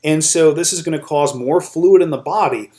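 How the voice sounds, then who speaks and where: A man's voice: on the high side, moderate pace, darkish tone. Man lecturing step by step. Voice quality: explains step by step with tag questions like "right?" and "okay?". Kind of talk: recorded lecture over slides.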